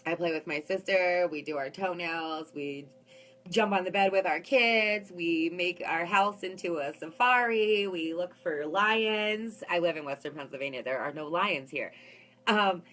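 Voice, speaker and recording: A woman's voice: on the low side, unhurried, a bit bright. A woman in her thirties chatting casually to camera as a spiritual vlogger, upbeat and calling her viewers "guys".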